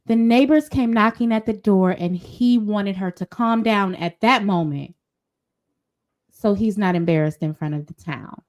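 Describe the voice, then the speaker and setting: A woman co-hosting a casual pop-culture podcast speaks at medium pitch and a little slowly. She's an animated, emphatic storyteller who acts out the quotes in her stories.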